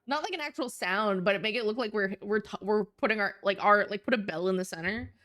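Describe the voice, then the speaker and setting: A woman's voice: mid-range voice, quick pace, a bit bright. A woman streamer chatting casually while she draws, playful and a little scattered.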